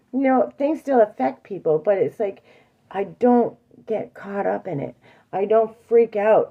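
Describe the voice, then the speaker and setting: A woman teaching a spiritual emotional-awareness lesson in a casual, earthy way. She repeats phrases and swears lightly. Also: mid-range voice. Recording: dull lo-fi sound.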